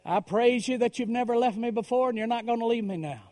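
A man preaching a story-driven sermon, dropping to a hush and then rising to loud, dramatic swells. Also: extremely high pitch, quick pace. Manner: dramatic, swings from hushed to shouting.

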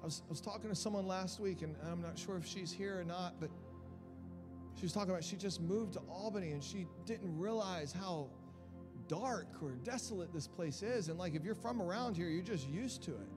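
A man preaching a sermon with impassioned delivery, repeating phrases as he builds from quiet to loud. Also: high voice, brisk. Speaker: pastor. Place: church hall. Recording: long hall reverb with faint music.

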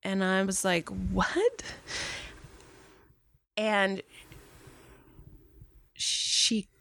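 A woman, a mother, recounting a painful personal story in a slow, halting way, acting out what others said to her. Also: mid-range voice, big pitch swings, vocal fry, a bit bright. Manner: slow, halting retelling with quoted dialogue. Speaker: guest, mother.

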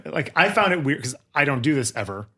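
A man's voice: mid-range voice, big pitch swings, a little fast, sharp tone, breathy edge. A man who hosts the talk and shoots portraits, chatting eagerly and asking questions. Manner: enthusiastic, asks questions, many fillers. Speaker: host, portrait photographer. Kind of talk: casual conversation.

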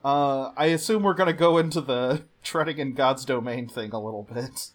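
A man's voice: medium pitch, normal speed. A man co-hosting a podcast, chatting casually and joking through an episode recap. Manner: chatty, joking, laughs often. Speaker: podcast co-host.

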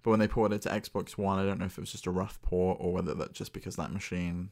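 A man co-hosts a gaming podcast, and his voice sits a bit low. He talks about games in a relaxed, easygoing way, with the odd swear word. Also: fast talker. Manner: relaxed, chatty, mildly sweary. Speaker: podcast co-host. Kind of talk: casual podcast chat.

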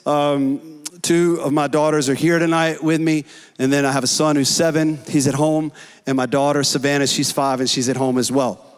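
A man preaching a sermon, earnest and rising to shouts in prayer. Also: on the high side, level tone, normal speed, clean tone. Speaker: pastor. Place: church hall. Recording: long hall reverb.

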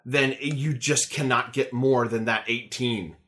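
A man co-hosting a casual gaming podcast, animated and enthusiastic, quick to tease the others. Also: medium pitch. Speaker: podcast co-host.

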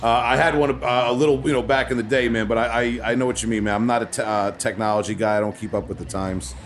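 A man hosting a podcast interview, talking in a halting, casual way with many ums and uhs. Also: medium pitch, steady tone. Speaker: podcast host.

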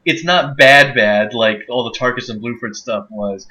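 A man's voice: mid-range voice, unhurried, hardly any pauses, pushed and bright, highs cut off. A man co-hosting a casual podcast chat, rambling and laughing often. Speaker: podcast co-host.

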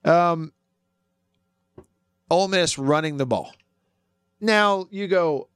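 Animated male sports radio host. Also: on the high side, slow pace, long pauses, smooth, no room sound, clean studio sound. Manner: animated, argues with himself, asks listeners questions.

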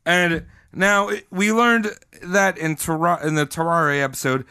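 A man's voice: fairly high pitch, steady tone, moderate pace, bright, forceful tone, smooth. A man hosting a podcast, casually telling a history story in a rambling, crude way.

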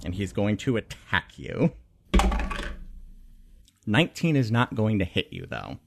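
A young man narrating a tabletop game as game master, calm and measured. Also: fairly low pitch, gravelly, slight background noise.

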